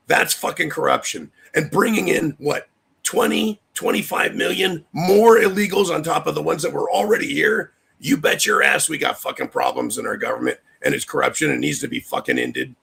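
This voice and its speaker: A man's voice: a little high, animated, brisk, creaky, a bit bright, husky. A man hosting a livestream, delivering a heated, profane political rant and talking straight to chat viewers. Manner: addresses chat viewers directly. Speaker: livestream host.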